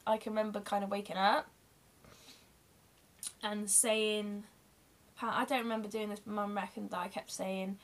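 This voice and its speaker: A woman's voice: medium pitch, flat delivery, moderate pace, creaky. A young woman candidly telling a long personal story in a rambling, emotional way. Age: young adult. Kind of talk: casual storytelling vlog.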